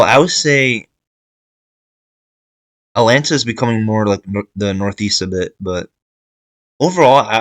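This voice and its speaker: Low-voiced man thinking aloud. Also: no echo, low-quality recording. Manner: hesitant, thinking aloud with fillers and restarts. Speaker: video creator ranking states. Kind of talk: casual tier-list commentary.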